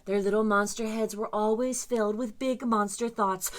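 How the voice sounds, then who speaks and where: A woman librarian reading a picture book aloud to children with expressive, dramatic storytelling. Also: mid-range voice, normal speed.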